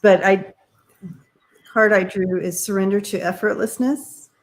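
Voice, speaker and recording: A woman doing tarot readings on a live stream, talking in a halting, searching way with many fillers while giving gentle advice. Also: mid-range voice, steady tone. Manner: encouraging, gives gentle advice. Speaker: tarot reader.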